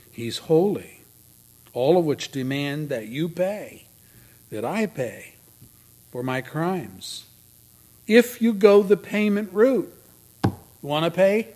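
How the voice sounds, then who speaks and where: A man preaching a sermon in a dramatic way, moving from loud emphasis to near whispers. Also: a little high.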